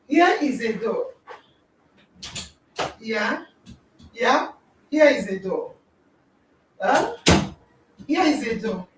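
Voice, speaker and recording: A Nigerian woman hosting a podcast, giving a dramatic, animated talk in which she acts out scenes and exclaims. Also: a little high, a little hiss or hum. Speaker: podcast host. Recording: echoey room, distant mic.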